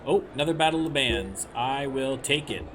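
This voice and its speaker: A man's voice: medium pitch, animated, fairly bright tone. Chatty Canadian man commenting on a game. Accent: southern Ontario Canadian. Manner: chatty, self-mocking, quick to laugh. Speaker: let's play host. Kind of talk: casual gameplay commentary. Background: game music.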